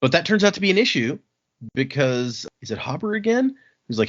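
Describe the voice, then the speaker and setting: A man's voice: on the high side, big pitch swings, brisk, muffled recording. A man hosting a podcast, casually retelling book scenes and acting out the characters' quoted lines. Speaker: podcast host.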